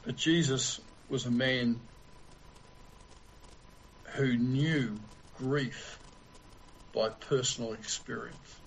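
A man preaching a sermon in a slow, deliberate way with long pauses. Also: mid-range voice, a little hiss or hum, rough recording.

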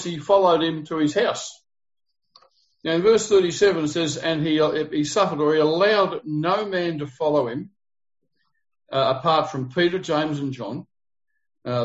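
A man's voice: fairly high pitch, animated, a little slow, long pauses. A man leading an interactive Bible study, explaining the text earnestly and putting questions to his group. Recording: dull lo-fi recording.

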